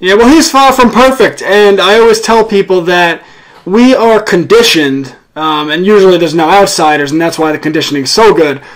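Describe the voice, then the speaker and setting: A young man from the United States hosts a political chat. His voice is high, and he is sarcastic and outspoken, swearing freely. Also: normal speed, low-quality recording. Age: young adult. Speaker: host.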